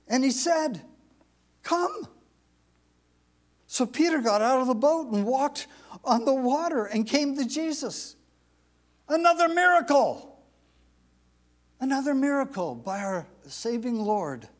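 A man's voice: extremely high pitch, lively intonation, measured pace. A man preaching a sermon, reading scripture aloud and repeating phrases for emphasis. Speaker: pastor.

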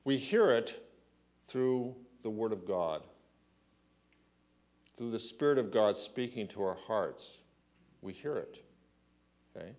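A man preaching a sermon, asking rhetorical questions and often clearing his throat. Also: fairly low pitch, animated, takes it slowly, pauses often, darkish tone. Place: church.

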